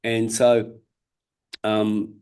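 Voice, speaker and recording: Fairly low, monotone and extremely slow, this man's voice is a little mellow, clear and resonant. He's a former world champion boxer in his fifties from Perth, Australia, telling his story as an interview guest with an Australian accent, candidly and earnestly, with free swearing and frequent sentence restarts.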